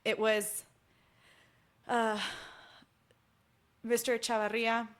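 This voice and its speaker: Animated Texan woman telling a story. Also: on the high side, extremely slow. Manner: animated storytelling, acts out quoted dialogue. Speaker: guest musician. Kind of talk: casual chat.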